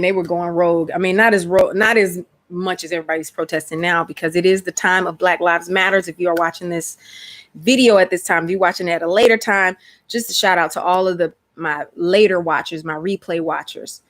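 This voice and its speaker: A woman from Atlanta, hosting a casual livestream chat. She is chatty and expressive, and she calls her listeners "honey" and "y'all.". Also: lowish voice. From Atlanta, Georgia, USA. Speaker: host.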